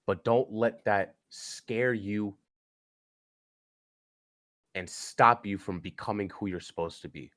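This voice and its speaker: Deep-voiced young man telling a heavy story. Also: no room sound, studio quality. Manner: earnest, halting, with many restarts and "you know". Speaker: podcast guest. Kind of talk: personal storytelling on a podcast.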